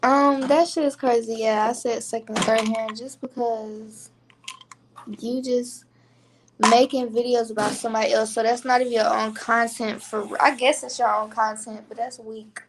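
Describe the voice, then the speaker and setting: A woman's voice: fairly high pitch, little pitch movement, moderate pace, noisy background. A woman chatting casually on a livestream, laid-back with loose slangy talk.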